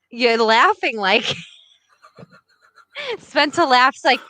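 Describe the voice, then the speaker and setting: A woman's voice: sits high, very animated, extremely slow, pushed and bright, dry recording. A woman co-hosting a casual late-night chat, laughing hard and teasing the others. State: laughing to tears. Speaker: podcast co-host.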